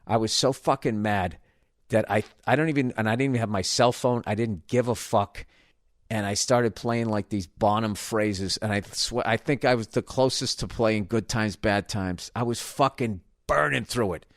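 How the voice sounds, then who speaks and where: A man with a fairly low voice tells a story on his podcast in a loose, swearing, self-mocking rant. The close mic gives a dry sound with no room echo. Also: normal speed. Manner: profane, ranting, self-mocking. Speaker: podcast host. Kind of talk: casual storytelling monologue.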